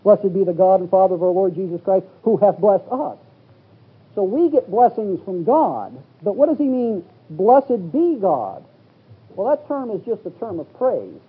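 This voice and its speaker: A man's voice: high-pitched, very animated, normal speed, breathy edge. A man preaching a Bible teaching sermon, reading scripture aloud and explaining it verse by verse. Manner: reads scripture in King James wording, rising to exclaim. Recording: phone-like, lo-fi sermon recording.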